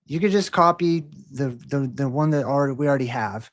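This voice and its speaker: A man's voice: medium pitch, brisk. A man hosting a livestream, talking casually and mockingly challenging a troll in the chat. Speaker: livestream host.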